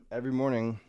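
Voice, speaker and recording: A man chatting casually on a morning stream, tired and rambling, with crude, self-mocking remarks and frequent throat clearing. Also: medium pitch, dry recording, clean studio sound. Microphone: desk mic.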